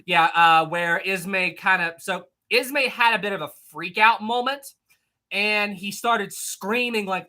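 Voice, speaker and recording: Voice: mid-range voice, moderate pace, pushed and bright. A young adult hosting a livestream, chatting casually about history, rambling and reading chat messages aloud. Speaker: livestream host.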